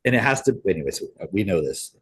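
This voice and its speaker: A man's voice: deep voice, big pitch swings, quick pace, husky. A man co-hosting a casual podcast, laying out his points step by step. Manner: explanatory, argues points step by step. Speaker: podcast co-host.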